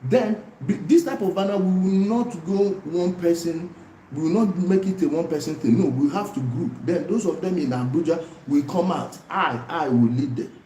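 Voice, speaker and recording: A man with a Nigerian accent hosting a casual livestream, talking in an animated way and repeating himself for emphasis, with bits of pidgin mixed in. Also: a little high, moderate pace, roomy sound, a little hiss or hum, poor audio. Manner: animated, repetitive and pleading, mixing in pidgin. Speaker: YouTube livestream host.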